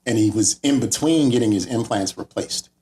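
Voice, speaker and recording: A man co-hosting a podcast, riffing in a laid-back, deadpan way. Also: on the low side, moderate pace. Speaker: podcast co-host. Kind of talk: casual comedic podcast banter.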